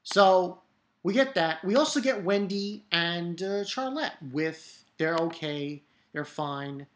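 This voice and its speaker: Excitable low-voiced woman reviewing manga. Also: slow. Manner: excitable, swears freely, frequent restarts. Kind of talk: casual spoken review.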